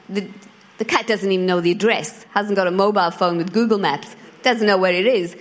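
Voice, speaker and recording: A middle-aged woman preaching to a church congregation, chatty and animated as she tells a personal story. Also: medium pitch, fairly quick. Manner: conversational, animated storytelling with acted quotes. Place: church hall before a congregation.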